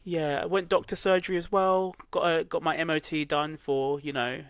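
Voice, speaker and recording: A man, co-hosting a casual podcast chat as an animated storyteller who laughs at himself. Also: a little high, moderate pace, clear, resonant tone, no room sound. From England. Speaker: podcast co-host.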